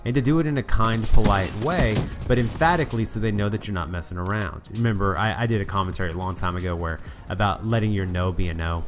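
A man's voice: fairly low pitch, fast, few pauses. A man giving casual, emphatic advice as a gaming commentary host, with frequent restarts. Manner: conversational, emphatic, preachy advice with repeated restarts. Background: music playing under the voice.

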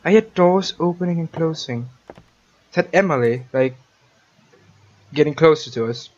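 A man's voice: fairly high pitch, a little slow, darkish tone, dull audio. A man hosting a horror let's-play, jumpy and swearing as he talks to the game character. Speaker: gaming channel host.

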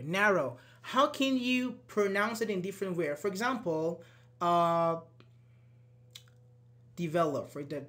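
A man teaching a live online English grammar class. He is patient and encouraging, praises answers and often checks with "okay?". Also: high voice.

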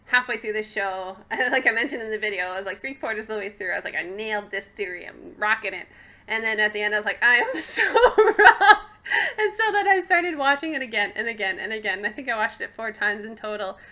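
A woman's voice: medium pitch, steady tone, quick pace, sharp tone. A young woman from Canada co-hosting a podcast, chatting casually, laughing often and trailing off mid-sentence. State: hiccuping. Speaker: podcast co-host. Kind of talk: casual chat.

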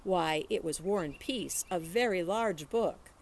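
A woman voicing an elderly woman librarian in a read-aloud storybook, telling her tale in a slow, warm storytelling drawl. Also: lowish voice, gravelly, rough recording. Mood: gentle storytelling.

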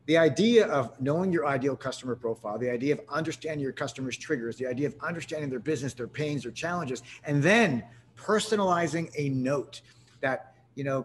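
Man, from Canada, webinar host, energetic, animated, halting restarts, mid-pitched voice. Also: slight background noise. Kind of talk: live webinar presentation.

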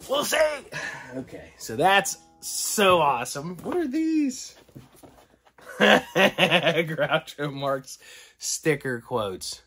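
A middle-aged man talking casually through an unboxing, excitable and often dropping to delighted whispers and gasps. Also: a little high, extremely slow, slight background noise. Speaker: collector vlogger.

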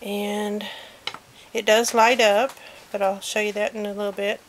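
A woman's voice: medium pitch, level tone, a little slow, slight background noise. A woman chatting casually as she films a handmade miniature at home on a handheld digital camera, with frequent apologetic asides. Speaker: crafter showing a handmade miniature. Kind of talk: casual show-and-tell vlog. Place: cluttered room at home.

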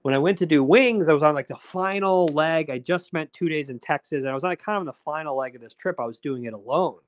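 Talking fast in a relaxed interview, this man, a documentary filmmaker on as a guest, keeps restarting and padding his sentences with fillers. His pitch leans high, and the audio is dry and dull.

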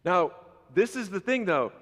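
A man preaching a sermon, his voice sitting a little high for a man. He shifts from steady explanation into loud, emphatic bursts. The sound carries the long reverb of a large church hall. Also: unhurried. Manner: animated, switches between calm teaching and loud emphatic bursts. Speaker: pastor.

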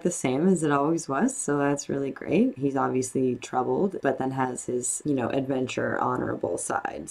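A young woman hosting a reaction video, gushing excitedly in a casual review full of fillers. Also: rumbling low, vocal fry.

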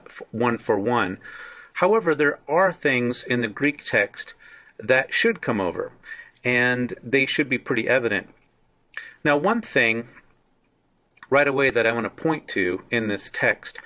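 Slow, deliberate male Greek teacher. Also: mid-range voice, bright, forceful tone. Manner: slow, deliberate, explaining word by word. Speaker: Bible scholar teaching Greek. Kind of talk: screen-share Greek lesson.

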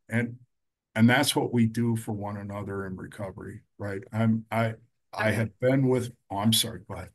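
Man, middle-aged, low voice, husky, earnest, emotional, halting. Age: middle-aged or older. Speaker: recovery counselor and guest. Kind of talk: conversational storytelling.

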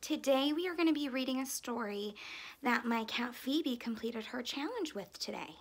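A woman teacher reading a storybook aloud to first graders in an expressive, sing-song way. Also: on the high side, normal speed, husky. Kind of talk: children's storybook read-aloud.

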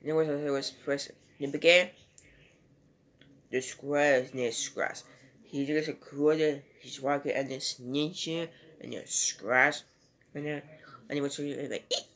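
A man talks through a movie review at a slow, unhurried pace. His voice sits a little higher than most men's. He rambles loosely from one scene to the next, like a casual home video. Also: steady tone, fairly bright tone. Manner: rambling, loosely strung retelling.

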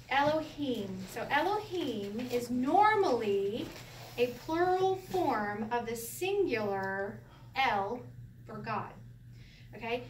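A woman teaching a Bible Hebrew class in an easygoing way, laughing often and asking her listeners questions. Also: fairly high pitch. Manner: lively, laughs often, explains with rhetorical questions. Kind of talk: informal Bible class lesson. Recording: roomy echo from a distance, faint background noise.

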